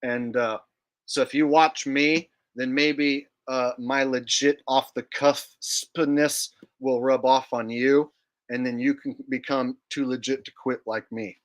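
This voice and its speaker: A man's voice: medium pitch, fairly even intonation, takes it slowly. A man hosting a casual livestream, joking and rambling while reading chat aloud. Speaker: livestream host.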